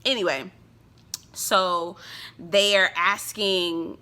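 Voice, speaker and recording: A woman's voice: fairly low pitch, steady tone, very slow, sharp tone. A woman recapping a reality TV episode, sassy and gossipy, with frequent laughs. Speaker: TV reviewer. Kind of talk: casual reality-show recap.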